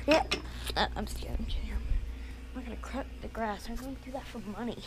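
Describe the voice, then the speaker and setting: A woman's voice: fairly high pitch, brisk, a little hiss or hum. A young woman making a casual home vlog, playful and jokey, often dropping to a whisper. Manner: playful, jokey, swings between loud and whispering. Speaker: vlogger. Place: at home, partly outdoors. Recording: music playing clearly behind.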